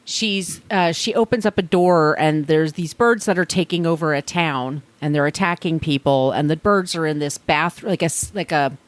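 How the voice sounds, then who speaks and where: A woman's voice: sits low, normal speed, few pauses, no room sound. Chatty, laughing woman podcast co-host. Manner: chatty storytelling, laughs often, filler-laden. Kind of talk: casual chat.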